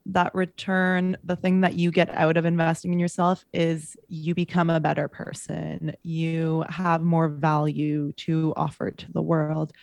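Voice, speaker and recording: A woman's voice: sits low, level tone, a little slow, vocal fry, few pauses, darkish tone, no echo. A woman who works as a coach, talking in a casual podcast conversation, earnest and emphatic, making her points in repeated parallel phrases.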